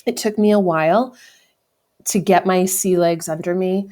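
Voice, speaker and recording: Her voice slightly low and darkish, at normal speed, an American woman in her thirties guests on a podcast and candidly reflects on a personal story. She keeps correcting herself mid-thought and laughs now and then.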